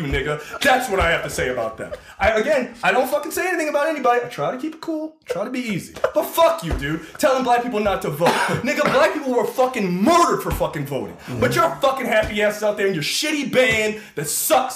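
Man, podcast host, angry profane rant, high lively voice, echoey room, faint noise. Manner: angry, profane, shouting at times.

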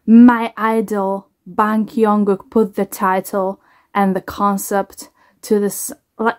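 Slow, halting woman musing aloud. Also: medium pitch, flat delivery, a little mellow. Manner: halting, restarts and trails off. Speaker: singer. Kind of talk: casual reaction vlog talk.

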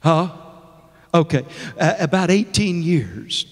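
In a church sanctuary full of long reverb, a middle-aged man delivers a sermon as a visiting minister. He takes his time, speaking in a slightly high, animated voice while laughing often and calling out to the people in the pews with great exuberance.

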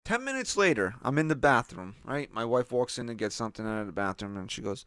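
A man co-hosting a sports podcast, telling a story in a casual chat and acting out the quotes with lively voices. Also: mid-range voice, quick pace, smooth, dry recording. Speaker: podcast co-host.

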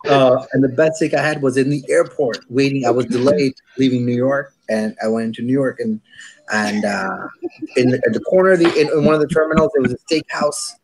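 A man's voice: mid-range voice, normal speed, noisy background. A man chatting casually on a stream, telling laid-back anecdotes with some swearing. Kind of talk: casual chat, storytelling.

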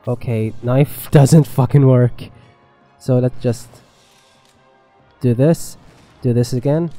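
A man's voice: mid-range voice, slow pace, warm tone, in a large hall, faint music behind, poor audio. A man giving casual gameplay commentary as a let's play gamer, swearing a lot and talking back to the game.

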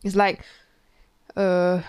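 A woman's voice: fairly low pitch, monotone, very slow, a little mellow, clear, resonant tone, dry recording. A woman physics tutor, talking through an exam question in a chatty way, thinking aloud and imitating sounds. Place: classroom.

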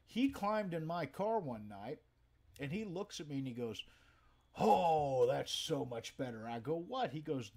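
A man telling stories to a live stream from his home den, profane and animated, swinging from loud outbursts to low mutters. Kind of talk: casual storytelling to a live chat. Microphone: webcam setup.

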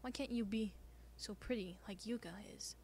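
A woman voicing a creepy, obsessive young man in a video game, speaking low and insinuating, at times in a whisper, over loud noise. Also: normal speed, close to an everyday voice.

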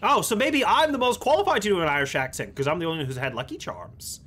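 A man's voice: sits high, expressive, quick pace, sharp tone. A man hosting a gaming video, rambling playfully and swearing freely as he plays. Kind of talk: let's play commentary.

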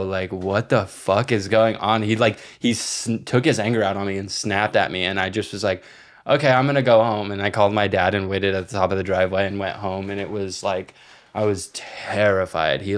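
A young male podcast co-host with a fairly low voice tells a story in loose, casual chat. He swears a lot and fills his sentences with "like" and "um.". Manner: profane, rambling storytelling with many fillers.

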